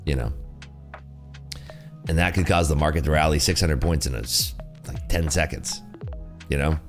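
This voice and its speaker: A very deep-voiced man hosts a trading livestream in loose, rambling chat, full of "like" and "you know". His pitch swings widely as he talks, and faint music plays behind him. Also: lively intonation, normal speed, long pauses. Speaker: day-trading livestream host. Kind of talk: casual livestream commentary.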